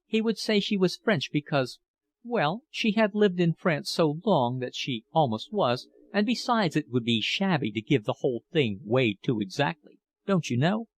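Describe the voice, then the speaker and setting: A man narrating a novel as an audiobook in a measured, expressive reading. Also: a little high, no echo.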